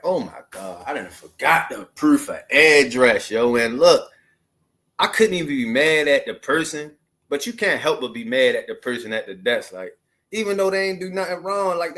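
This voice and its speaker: A man's voice: fairly high pitch, fairly bright tone. Slangy man in his thirties rambling. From Maryland, USA. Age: 30s. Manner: loose, slangy street talk with many asides. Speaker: vlogger. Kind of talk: casual storytelling monologue.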